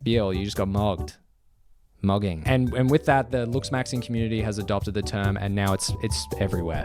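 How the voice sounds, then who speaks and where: A man's voice: lowish voice, brisk, a little mellow, soft background music. A man narrating a commentary video in a wry, incredulous tone.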